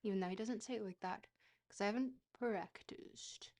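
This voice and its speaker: A woman's voice: mid-range voice, moderate pace, darkish tone. Jokey woman streamer rambling. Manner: rambling, jokey, swears casually. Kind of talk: casual livestream chat while playing a geography game.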